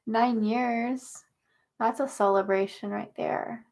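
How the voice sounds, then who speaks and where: A woman's voice: medium pitch, steady tone, slow pace, darkish tone. A young woman hosting a casual livestream chat, talking to her viewers and cooing at her cat. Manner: chatty, talks baby talk to her cat. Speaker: livestream host.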